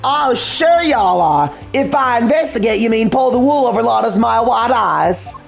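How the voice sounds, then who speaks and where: A man's voice: extremely high pitch, animated, creaky, faint music behind, pitched above the performer's own voice, exaggerated voice. A man doing a brash twangy Southern camerawoman. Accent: put-on American Southern. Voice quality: twangy, rapid, accusing. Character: brash loud female photojournalist, pushy. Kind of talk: fan dub of a video game.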